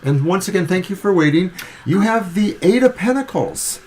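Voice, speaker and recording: A man co-hosting a live tarot stream, reading cards and joking about his coffee in a relaxed, rambling way. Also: high-pitched, moderate pace. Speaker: tarot reader co-host.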